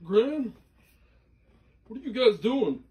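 Young guy getting pranked, high jumpy voice, kinda far off the mic, whiny. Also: very animated, slow, warm tone. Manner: suspicious, whiny questioning. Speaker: prank target grandson. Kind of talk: casual chat in prank video. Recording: voice distant from the mic.

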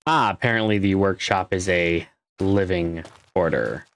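Man, very low voice, unhurried game commentary, thinks aloud, curses at setbacks. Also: a bit bright. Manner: mutters while figuring things out, swears when frustrated. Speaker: gamer playing a space survival game. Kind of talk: casual let's-play commentary.

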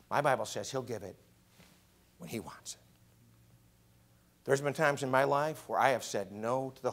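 A man preaching a sermon as pastor in a college chapel. He is animated, moving from loud exclamations to hushed whispers. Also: medium pitch.

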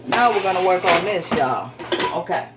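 A woman's voice: on the low side, animated, normal speed, heavy background noise. Woman, home cooking vlogger, chatty, folksy, casual cursing, home kitchen. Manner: chatty, folksy, calls viewers sweet babies, swears casually.

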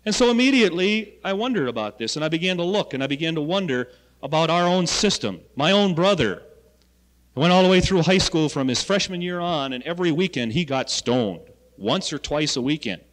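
A man who coordinates school health education, giving an animated lecture to students with loud points and quiet asides. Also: fairly high pitch, brisk. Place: college lecture hall. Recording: archival 1970 lecture recording in a reverberant hall.

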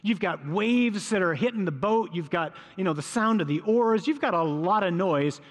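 A man, a priest, preaching a sermon in a lively storytelling way, acting out voices from the scripture scene. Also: high-pitched, normal speed, in a large hall. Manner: storytelling, acts out voices of disciples.

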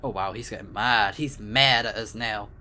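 A man's voice: fairly low pitch, normal speed, bright, forceful tone, a little hiss or hum. A man hosting a let's play, chatting and reacting with amusement to a game's story. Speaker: gaming channel host.

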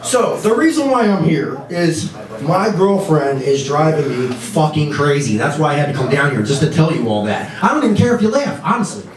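A man performs stand-up in a small club, pitched high and swinging widely as he rants with exasperation. The sound is roomy and a little distant from the mic. A lively crowd murmurs and laughs behind him. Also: brisk. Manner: animated, exasperated ranting. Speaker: stand-up comic. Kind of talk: stand-up comedy set. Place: small club or bar, indoors. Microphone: stage microphone.

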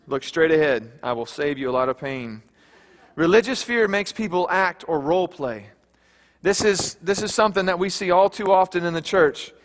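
A man with a high, light voice preaches in a church sanctuary, his words trailing into a long hall reverb. He talks to the congregation plainly and conversationally, tossing out rhetorical questions as he goes. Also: lively intonation, normal speed. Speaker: pastor. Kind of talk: sermon.

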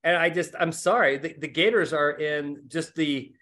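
A man's voice: on the high side, moderate pace, bright, forceful tone. A middle-aged man hosting a podcast, telling stories in casual, self-mocking chat. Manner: rambling storyteller, self-mocking. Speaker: podcast host.

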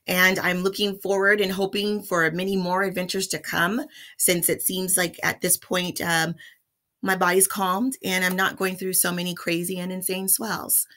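Bright-voiced chatty woman. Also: mid-range voice. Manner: chatty, animated, addresses viewers as y'all. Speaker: vlogger. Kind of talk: casual storytelling vlog.

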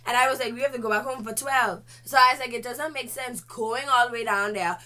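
A young woman telling a casual storytime vlog, animated and lively, with slangy asides to her viewers. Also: on the high side, fairly quick.

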